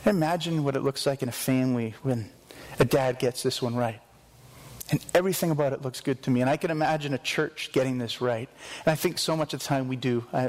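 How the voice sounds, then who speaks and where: A man's voice: medium pitch, long reverb tail, rough recording. A man preaching a sermon as pastor, earnest and conversational with self-deprecating asides.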